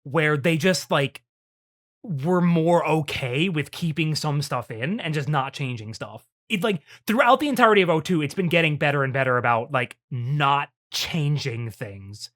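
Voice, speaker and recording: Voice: medium pitch, lively intonation, moderate pace, fairly bright tone. Laid-back podcast co-host who swears and laughs. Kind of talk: casual chat.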